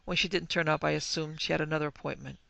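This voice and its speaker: A man's voice: fairly high pitch, fairly even intonation, fast talker, gravelly, bright, forceful tone, exaggerated voice. A stiff, skeptical German businessman, as a man reads him. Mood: formal. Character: skeptical middle-aged male German businessman.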